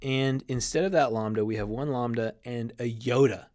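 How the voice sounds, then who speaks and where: A man teaching a recorded grammar lesson in an explanatory way, often restarting phrases and spelling out letters slowly. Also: mid-range voice, darkish tone. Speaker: Greek teacher.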